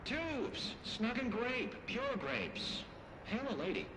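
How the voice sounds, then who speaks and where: A man's voice: sits high, huge pitch swings, takes it slowly, background noise, exaggerated voice. A man voicing a strange otherworldly entity that speaks in odd, garbled fragments, heard through echoey game audio. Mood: muddled.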